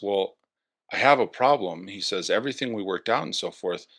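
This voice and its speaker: A man, a guest in an interview, telling a sales story in a casual way and acting out the people in it. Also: low-pitched. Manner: animated, acts out quoted dialogue.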